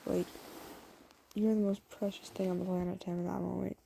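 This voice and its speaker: A woman's voice: on the low side, level tone, brisk, creaky, warm tone, a little hiss or hum, rough recording. A woman telling a romantic fan story to the listener in a chatty, rambling way full of fillers. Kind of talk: casual spoken fan story.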